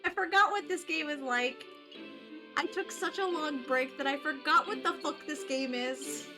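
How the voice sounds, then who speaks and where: High-pitched excitable woman gamer. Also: normal speed. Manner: excitable, swears and laughs at the game. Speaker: gaming streamer. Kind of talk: live game commentary. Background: game music.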